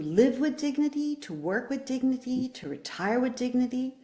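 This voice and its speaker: A woman's voice: a little high, animated, normal speed, few pauses, warm tone, echoey room. A woman running for office, answering interview questions with passion and emphatic rhetorical questions. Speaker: political candidate.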